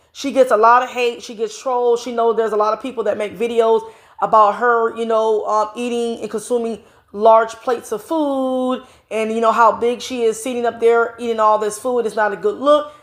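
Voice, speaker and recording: A woman speaking talks through a stuffed-up nose and audible breathing, her voice sitting a little high. She delivers casual, indignant vlog commentary, piling up fillers as she goes. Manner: chatty, indignant, drawn-out fillers. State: congested nose, heavy breathing. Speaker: commentary vlogger.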